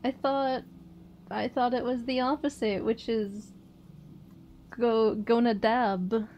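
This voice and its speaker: Woman game streamer, slightly high voice, slow rambling chatter, laughs a lot. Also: darkish tone, a little hiss or hum. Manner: giggly, rambling storytelling with frequent laughs. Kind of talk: casual gameplay chat.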